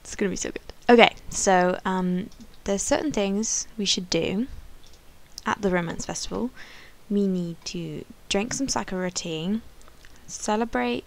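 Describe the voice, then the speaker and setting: A woman hosting a life-sim let's play, chatting excitedly, often gasping and squealing. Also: medium pitch, a little slow, gravelly, slight background noise. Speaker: gaming channel host.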